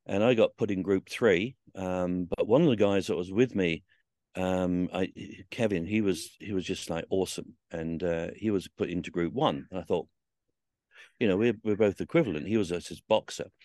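Warm and deep, this man's voice moves at a moderate pace as he recalls his past as a podcast guest. He rambles, curses freely, stumbles through fillers and restarts, and performs the voices of people he quotes. It's studio-quality audio without echo.

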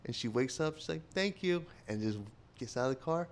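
A man's voice: medium pitch, lively intonation, a little fast. A young man co-hosting a podcast, telling stories casually with lots of fillers. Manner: rambling storyteller, lots of fillers and "like". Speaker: podcast co-host.

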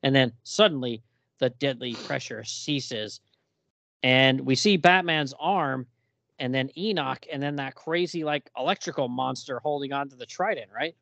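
A man co-hosting a casual podcast, talking through a comic book and reading its dialogue aloud with lively emphasis. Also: medium pitch, normal speed, vocal fry, dry recording.

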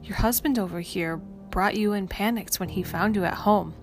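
A woman voicing a gentle, kindly hospital doctor. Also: medium pitch, normal speed, natural voice. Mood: gently reassuring. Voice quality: soft, gentle. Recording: music playing underneath.

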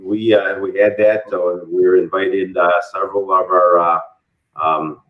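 A man's voice: low voice, little pitch movement, unhurried. A company leader answering an interview question, a man rambling with many hesitations. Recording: tinny phone-like audio.

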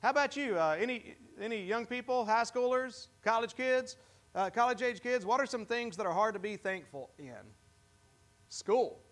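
High-voiced pastor quizzing his congregation. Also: fairly bright tone. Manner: conversational, asks the congregation questions; halting, with many restarts. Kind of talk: interactive sermon. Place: church.

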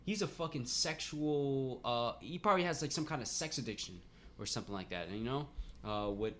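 A man's voice: mid-range voice, expressive, brisk, a bit bright. Laid-back podcast host, a profane man. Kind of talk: casual podcast chat.

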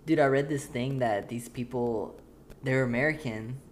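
A man chatting casually, quick to laugh and agreeing often. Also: mid-range voice, a little hiss or hum. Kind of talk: casual chat.

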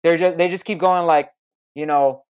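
A man hosting a casual podcast chat about a movie, talking in an animated, rambling way. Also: a little high, normal speed, smooth. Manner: animated, rambling, quotes characters.

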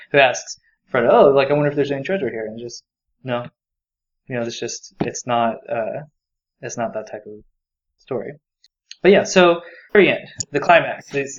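A male podcast co-host talks enthusiastically about a book in a casual discussion, rambling with lots of fillers. His medium-pitched voice is expressive at normal speed, though the audio is dull.

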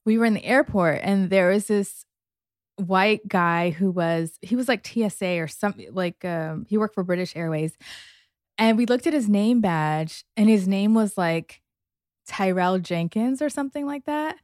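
A woman's voice: mid-range voice, moderate pace, darkish tone, no echo, clean studio sound. Chatty woman podcast co-host. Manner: chatty, laughs often, says "like" a lot. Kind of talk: casual chat with ad read.

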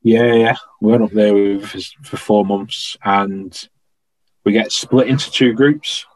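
A man tells anecdotes in a relaxed, chatty way, full of regional turns of phrase. His voice sits fairly low. The sound is dry and close, with little room around it. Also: slow, no echo, poor audio. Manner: chatty anecdotal, dialect grammar like "I was stood". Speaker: podcast guest, former royal guardsman. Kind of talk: casual storytelling.

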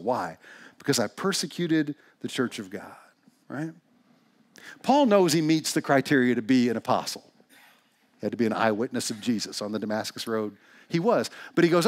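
A man's voice: mid-range voice, sing-song, normal speed, pauses often. A man preaching a sermon to his congregation in a church, talking in a conversational, joking way. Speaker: pastor. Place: church sanctuary.

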